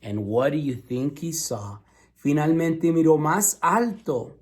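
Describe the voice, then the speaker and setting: Male storyteller, slightly high voice, teacherly read-aloud with questions to kids. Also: lively intonation, unhurried, husky. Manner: asks listeners questions, patient and teacherly.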